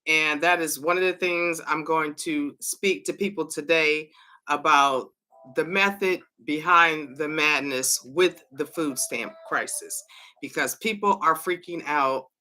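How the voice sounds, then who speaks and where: A hoarse woman hosts a casual livestream in an unhurried, bright voice. She keeps calling viewers to come on in. Her talk is halting and full of fillers. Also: deep voice. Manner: repeatedly and eagerly calls viewers to join in. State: hoarse, voice cracking. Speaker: livestream host.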